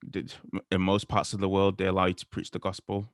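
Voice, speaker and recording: A man co-hosting a podcast, talking earnestly and quoting scripture in a measured way. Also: low-pitched, completely flat delivery, vocal fry, no room sound, studio quality. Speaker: podcast co-host. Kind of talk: casual faith discussion.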